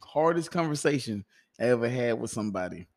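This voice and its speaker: A man's voice: medium pitch, expressive, a little fast. A man co-hosting a comedy podcast, talking loosely and profanely in casual banter, laughing often. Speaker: podcast co-host, stand-up comedian.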